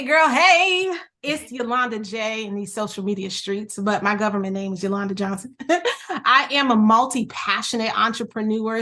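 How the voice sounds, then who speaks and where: A woman's voice: on the high side, a bit bright. A woman guest, an entrepreneur and coach, chatting animatedly and emotionally with a friend, often laughing. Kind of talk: casual chat among friends.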